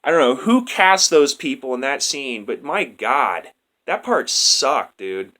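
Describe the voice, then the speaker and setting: A man's voice: medium pitch, very animated, a little slow, sharp tone. A man reviewing a movie in a crude, slangy, exasperated rant. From United States. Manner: crude, slangy and exasperated, says "dude" a lot. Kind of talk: casual rant.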